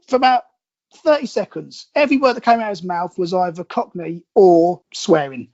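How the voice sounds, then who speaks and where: A man's voice: high-pitched, lively intonation, normal speed, a little mellow, no room sound, lo-fi sound. A man with a London accent hosting a casual podcast chat, chatty and laughing as he reads listener messages aloud. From southern England. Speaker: podcast host.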